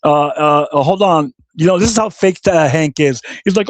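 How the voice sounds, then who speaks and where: He talks at normal speed with hardly any pauses, his fairly high-pitched voice free of room sound. As a livestream host ranting angrily, he swears, reads viewers' comments aloud, and hammers the same insults again and again.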